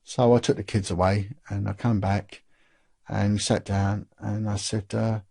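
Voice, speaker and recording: A man's voice: lowish voice, unhurried, creaky, husky, dry recording, studio quality. A middle-aged man, once a police officer, telling his story in candid conversation and acting out the dialogue he quotes. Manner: animated, acts out quoted dialogue, repeats and restarts words. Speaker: interview guest, former police officer.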